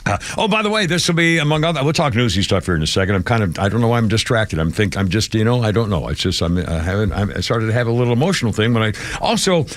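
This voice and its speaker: A man's voice: lowish voice, big pitch swings, quick pace, few pauses. A man hosting a live radio talk show, rambling and irreverent with blunt asides. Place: radio studio.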